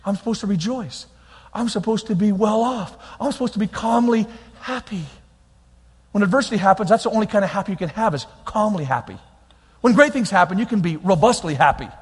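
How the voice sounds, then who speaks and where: A man preaching a lively sermon as pastor, swinging between quiet reflection and loud exhortation. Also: high-pitched, brisk, husky. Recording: long hall reverb.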